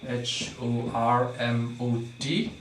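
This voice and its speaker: A man's voice: medium pitch, flat delivery, takes it slowly, a little hiss or hum. A male teacher giving a lesson, who asks the class questions, answers them himself and keeps adding "right?" and "okay?". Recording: echoey room, far from the mic.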